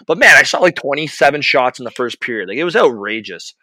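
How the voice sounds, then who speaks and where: A young man telling an animated, profane story about his hockey days in casual chat. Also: medium pitch, quick pace, no room sound. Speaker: podcast host, former hockey goalie.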